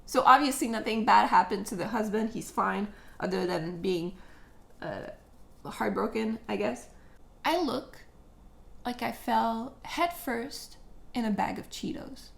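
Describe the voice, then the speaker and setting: A woman chatting casually while doing her makeup, telling a story with jokes and animated retelling. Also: fairly high pitch, measured pace, creaky. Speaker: beauty vlogger. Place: at home, living room.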